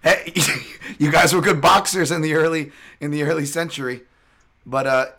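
A man's voice: on the high side, normal speed, creaky, bright, forceful tone. Rambling man telling gym stories. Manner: rambling storyteller, many fillers and restarts. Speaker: podcast host. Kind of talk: casual podcast chat.

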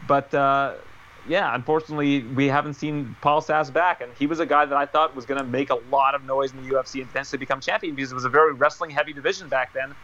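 A man talking as a guest on a casual chat podcast, telling stories quickly and with animation. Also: mid-range voice, a bit bright, muffled recording. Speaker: guest analyst.

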